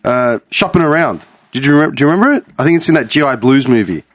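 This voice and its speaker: A man's voice: medium pitch, fast, a little hiss or hum. A man, co-hosting a podcast in casual chat, telling stories and swearing now and then. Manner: animated storyteller, swears casually. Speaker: podcast co-host.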